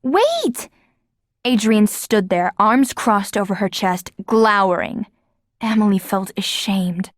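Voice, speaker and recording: A woman narrating an audiobook in a lively, expressive storytelling manner. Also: medium pitch, unhurried, no room sound, clean studio sound. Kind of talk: scripted narration.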